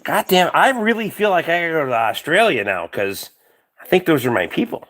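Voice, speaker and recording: Animated, stammering Canadian man. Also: on the high side, a little fast, background noise. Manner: stammering, excitable, laughs a lot. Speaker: live stream host. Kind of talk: casual chat.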